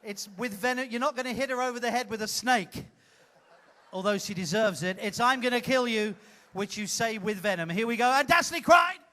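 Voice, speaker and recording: A man's voice: high-pitched, fairly quick, pushed and bright. A man hosting an audience-participation comedy show on a ship stage, teasing and bossing volunteers through a handheld mic. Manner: teasing, flamboyant, bossy direction. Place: ship theater.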